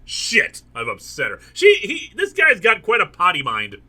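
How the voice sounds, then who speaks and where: A man's voice: sits high, wildly swooping pitch, normal speed, sharp tone. A man hosting a comedic reading of a novel, reading passages aloud in a mock-dramatic way and breaking off for jokey asides. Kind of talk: comedic book reading with commentary.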